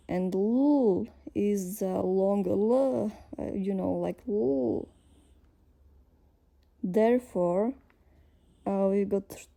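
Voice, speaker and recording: Woman with a Slovak accent, slow language teacher, hesitant, gravelly and very dark voice. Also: mid-range voice. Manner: hesitant, many fillers, thinks aloud. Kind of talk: casual explanatory lesson.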